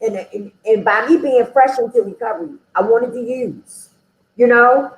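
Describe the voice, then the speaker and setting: A woman talks candidly through her own story, speaking in a frank, conversational way with plenty of "you know." Her voice sits a little high. The recording has a roomy echo. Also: moderate pace, slight background noise. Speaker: interview guest.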